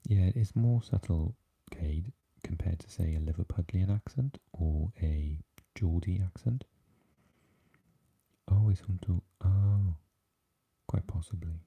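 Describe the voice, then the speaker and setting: Deep, dark South Welsh man whispering. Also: slow, gravelly, breathy edge, muffled recording. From South Wales. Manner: soft, switching between whisper and low voice. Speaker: ASMR livestream host. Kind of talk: whispered ASMR chat reading comments.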